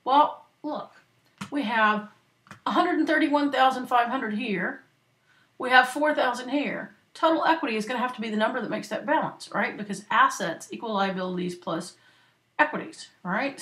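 A woman's voice: on the high side, fairly bright tone. Patient woman teaching accounting. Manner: patient, talks slowly for note-takers; checks in with frequent "right?" and "okay?". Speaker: accounting instructor. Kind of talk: screen-recorded lecture walkthrough.

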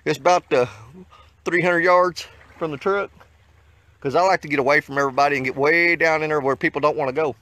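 A man casually talking to the camera while fishing on a riverbank, hot and a little out of breath, folksy and quick to grumble. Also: a little high. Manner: folksy, excitable, swears mildly at fish. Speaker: fishing vlogger. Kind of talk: casual outdoor vlog. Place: outdoors on a riverbank. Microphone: handheld camera mic.

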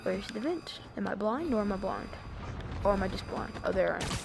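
A woman's voice: mid-range voice, expressive, fairly quick, vocal fry, background noise. A woman giving playful, rambling, silly commentary while she plays a video game. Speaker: gameplay commentator. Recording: voice over loud game music. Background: game music and sound effects.

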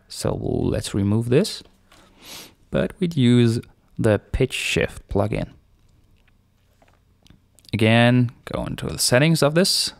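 A man hosting a screencast software tutorial, explaining each step in a relaxed, unscripted way with small fillers. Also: on the low side, clear, resonant tone, no echo, studio quality.

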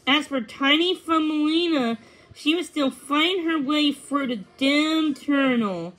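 A woman narrating a storybook read-aloud in a measured, expressive way. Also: sits high, low-quality recording. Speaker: reader.

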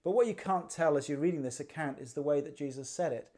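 Guy giving a church sermon, chatty and a bit wry, warm soft voice. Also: fairly high pitch, fast talker. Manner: conversational, rhetorical questions, dry humor. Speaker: preacher. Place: church livestream.

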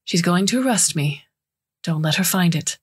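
A woman's voice: on the low side, expressive, moderate pace, husky. A woman voicing a scheming older female alien scientist who speaks in urgent, clipped lines.

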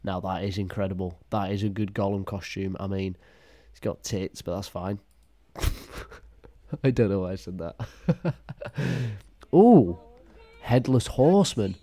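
Man, lowish voice, sarcastic reaction commentary, crude deadpan jokes, dry close sound. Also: measured pace, pauses often, no echo. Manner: crude, mocking, deadpan asides. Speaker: YouTube commentator.

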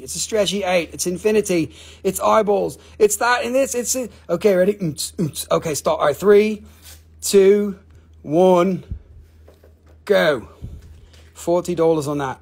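A man hosting a live rock sale, joking, excitable and swearing freely as he runs quick auctions. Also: sits high, creaky, slightly rough. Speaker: livestream rock seller. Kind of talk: live auction sales chat.

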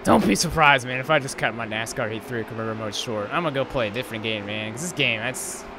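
A man with a medium-pitched voice talks fast as he hosts live commentary on a racing game. He's frustrated and swearing, and the game's race car engines can be heard behind him.

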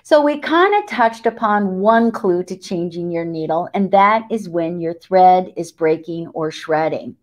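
Animated woman teaching sewing. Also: on the low side, a little slow, hardly any pauses. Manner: animated, asks questions and answers them, voices the needle. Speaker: sewing needle expert. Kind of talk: lively live tutorial talk.

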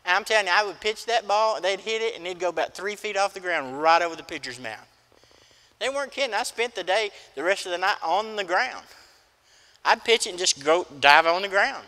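A middle-aged pastor delivers a folksy, emphatic sermon full of stories. His voice sits high and bright. The sound carries a long church-hall reverb. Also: fairly quick. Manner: folksy, storytelling, emphatic preaching. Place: church sanctuary.

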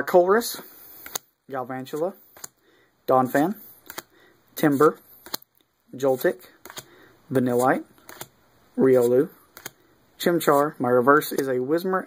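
A man giving casual unboxing commentary, reading off cards one by one with easygoing, mildly excited asides and fillers. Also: a little high, a little hiss or hum. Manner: easygoing, reads off cards one after another. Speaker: video creator opening card packs.

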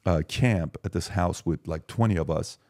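A man in his forties, guesting on a podcast, talks emphatically and tells lively stories in casual conversation. His voice sits low and his speed is normal.

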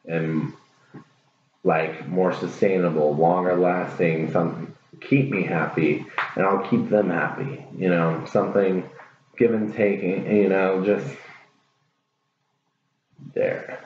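Low slow guy doing a tarot reading, earnest and pep-talky, echoey room. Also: a little hiss or hum. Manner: earnest, encouraging, rambling. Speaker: tarot reader. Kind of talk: casual tarot reading to viewers. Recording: echoey room, dull lo-fi sound.

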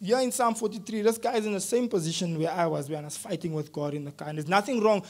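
A man preaching a sermon in a church, talking casually with slang and swinging from quiet scripture reading to loud urgent pleading. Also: sits high, quick pace.

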